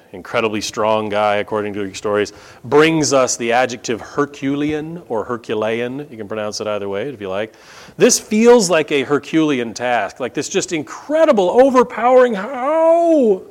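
Emphatic, animated male preacher. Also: mid-range voice. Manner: emphatic, repeats key phrases for stress. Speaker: pastor. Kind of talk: sermon.

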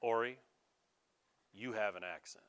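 A man's voice: fairly low pitch, a little slow, a bit bright, a little hiss or hum. An American man preaching a sermon in a casual, conversational way, now and then mimicking regional accents. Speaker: pastor.

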